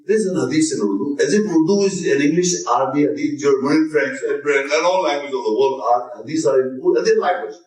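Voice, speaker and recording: A man giving a religious lecture, speaking emphatically, acting out the voices of people he imagines and reciting Arabic verses. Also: a little high. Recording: echoey room, mic at a distance.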